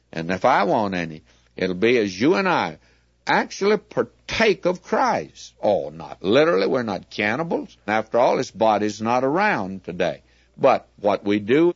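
A man teaching through a Bible passage verse by verse, measured and explanatory, leaning hard on key words. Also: mid-range voice, breathy edge, dry recording, dull audio.

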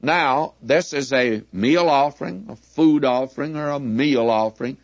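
A man teaching through a Bible passage verse by verse, measured and explanatory, leaning hard on key words. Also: mid-range voice, no room sound, muffled recording.

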